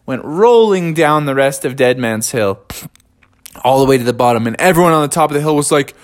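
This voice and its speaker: A man's voice: medium pitch, animated, a little fast. A young adult man, a father, improvising a bedtime story for his child in a playful, rambling way with casual slang.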